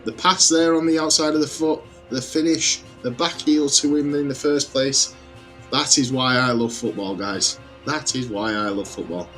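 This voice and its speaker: A man commentating on his own football video game with energetic, exclamatory play-by-play. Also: mid-range voice, moderate pace, soft background music. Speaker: gaming YouTuber.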